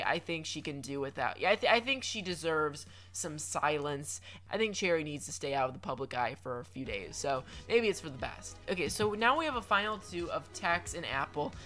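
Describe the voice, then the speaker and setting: A man's voice: high voice, bright, forceful tone. A young man giving chatty, playful commentary over a video game, with lots of stammered restarts and mock-dramatic asides. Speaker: gaming commentator.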